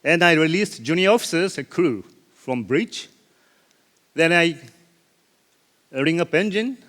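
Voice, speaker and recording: Guy telling his sea story at a conference, voice goes all over the place, slightly high, big hall echo. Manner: animated storytelling with sound effects and self-deprecating laughs. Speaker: ship captain giving a conference talk. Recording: long reverb of a large hall.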